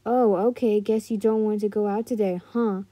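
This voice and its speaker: A woman voicing a brash young father who is a pro hero, teasing his daughter in gruff, mocking banter. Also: mid-range voice, fairly even intonation, moderate pace, dark tone, no echo, voice pushed down, close to an everyday voice.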